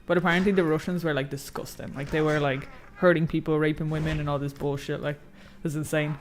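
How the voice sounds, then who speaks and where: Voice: mid-range voice, level tone, fast, faint music behind. A game streamer chatting casually while playing, slangy and profane, reading chat aloud and rambling with many fillers.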